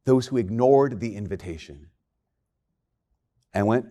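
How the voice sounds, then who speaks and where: A priest giving a homily in a conversational, joking way, often acting out quoted lines. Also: male voice, mid-range voice, expressive, fairly quick, darkish tone.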